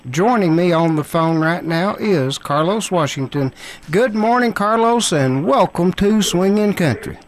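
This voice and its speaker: A man's voice: high-pitched, animated, measured pace, a little hiss or hum, poor audio. A man hosting a country radio show and interviewing a guest in a cheerful announcer manner. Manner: cheerful announcer delivery, addressing listeners as folks.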